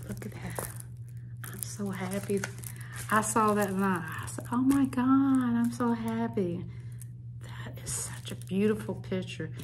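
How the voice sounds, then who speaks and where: A woman chatting excitedly to her viewers at home, gushing and drawn-out in her exclamations. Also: on the low side, noisy background. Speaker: hobby vlogger. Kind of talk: casual chat to viewers.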